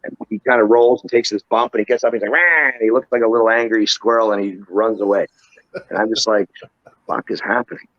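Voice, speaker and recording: A man's voice: fairly low pitch, little pitch movement, fast, no echo. Profane storytelling man, dull dry audio. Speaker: guest, pro wrestler. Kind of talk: casual storytelling interview.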